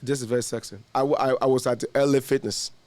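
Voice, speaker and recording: A man's voice: medium pitch, steady tone, quick pace, darkish tone. A man, an insurance agent, telling stories in casual podcast conversation and laughing through his punchlines.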